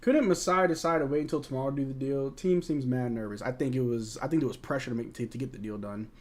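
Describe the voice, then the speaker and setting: A young man from the United States speaks fast at medium pitch while hosting a live watch-along of a game. He reads out questions from chat and reacts to plays with frustrated-fan energy and relaxed, slangy talk.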